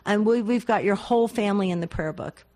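Female co-host, gentle and earnest, advising callers on air. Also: mid-range voice, quick pace. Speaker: radio co-host, advice giver. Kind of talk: call-in advice talk.

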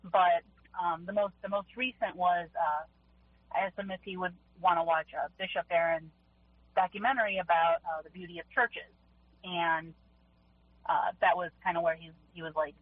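A woman caller on a tinny phone line asks her question hesitantly. Her voice is husky and her speech is full of fillers. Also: on the low side, fairly even intonation, normal speed. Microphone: telephone.

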